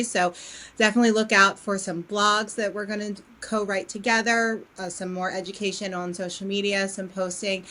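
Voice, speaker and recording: Woman guest, earnest and steady, mid pitch, talks up her plans. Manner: earnest, promotional, steady explaining. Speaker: company CEO guest. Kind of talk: casual interview chat.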